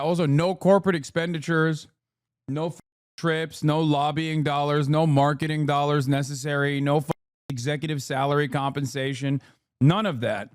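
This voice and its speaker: A male streamer rants through casual reaction commentary, swearing often and jumping between quick asides. His voice sits a little high for a man, and the recording is close and dry with almost no room sound. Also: dry recording. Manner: profane, ranting, rapid asides.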